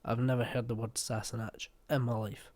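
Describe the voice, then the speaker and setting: A man's voice: medium pitch, level tone, a little fast, darkish tone. A young man with an east Scottish accent giving blunt, chatty reaction commentary and swearing casually. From Scotland. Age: young adult. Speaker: reaction video host.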